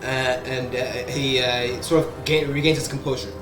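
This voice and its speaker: A man's voice: mid-range voice, fairly even intonation, moderate pace, over music. A man narrating as the game master of a tabletop game, hesitant and full of fillers. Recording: echoey room sound.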